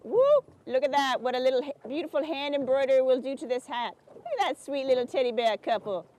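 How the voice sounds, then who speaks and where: Actress as a perky craft-show host, high, folksy and sugary; outdoors by a lake. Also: female voice, lively intonation, fairly quick, darkish tone, a little hiss or hum, poor audio. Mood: cheery. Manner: chirpy, folksy and sugary, keeps asking "isn't that sweet". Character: perky, oblivious small-town woman who hosts a craft show. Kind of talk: comedic public-access TV hosting.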